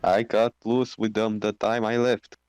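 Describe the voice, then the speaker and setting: A man voicing a clever male ex-criminal who answers flatly. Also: fairly low pitch, measured pace, smooth, close to an everyday voice.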